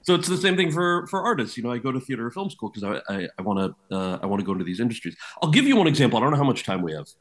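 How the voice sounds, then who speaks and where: A man's voice: mid-range voice, big pitch swings, rapid-fire, few pauses. A man, an actor and author, telling candid, earnest anecdotes as an interview guest. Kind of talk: storytelling interview.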